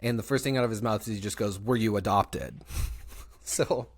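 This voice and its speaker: A young man hosting a podcast, telling a story in casual chat, animated, laughing often and swearing freely. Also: mid-range voice, moderate pace, crowd noise. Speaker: podcast host.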